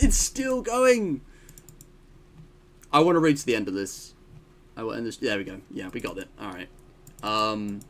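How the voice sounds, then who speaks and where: A man's voice: on the low side, slight background noise. A man hosting a game stream, chatting casually and amused, with frequent laughs and wry asides. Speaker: streamer and channel host.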